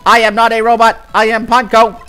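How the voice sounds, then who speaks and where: A man's voice: very high voice, monotone, brisk, pushed and bright, clear, resonant tone, faint music behind, voice pushed up. A man voicing a peppy, eager little female guide robot in a chirpy, sing-song way while reading a game's dialogue aloud. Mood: cheery. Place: home streaming setup.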